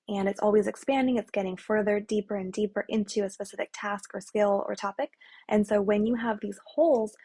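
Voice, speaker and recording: A young woman math tutor speaks to parents in a husky, slightly breathy voice at a mid pitch. She talks earnestly and plainly, restarting sentences and checking in with a quick "right?" along the way. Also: a little mellow. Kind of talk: talking-head explainer to parents.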